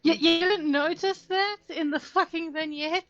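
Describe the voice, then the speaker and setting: A woman's voice: extremely high pitch, steady tone, unhurried, a bit bright, no echo. A woman playing a tabletop game, arguing her point emphatically and swearing casually. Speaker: player. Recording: dull dry recording.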